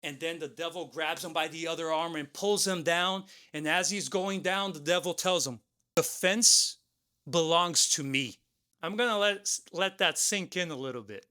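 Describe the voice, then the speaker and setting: Bright high-voiced man telling a parable. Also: moderate pace, hardly any pauses, smooth. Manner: keeps adding "right?" and "okay?". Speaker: co-host. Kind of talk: motivational storytelling.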